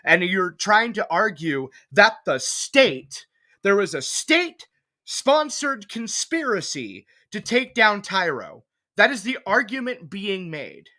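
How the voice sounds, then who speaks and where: A man's voice: sits high, big pitch swings, slow, sharp tone. A man co-hosting a stream, making dry, joking asides in casual chat. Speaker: stream co-host.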